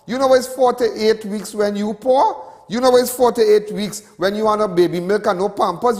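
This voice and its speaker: Impassioned high-voiced Trinidadian man ranting. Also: long reverb tail. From Trinidad and Tobago. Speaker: host. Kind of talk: ranting commentary.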